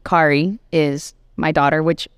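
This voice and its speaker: A woman teacher chatting casually on a podcast, telling stories in an animated way with lots of "like". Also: low voice, a little slow, smooth, no room sound, clean studio sound. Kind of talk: casual chat.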